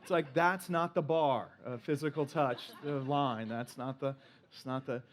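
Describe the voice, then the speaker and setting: A man preaching a sermon in an animated, playful way, acting out little voices as he goes. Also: medium pitch, unhurried. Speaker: pastor.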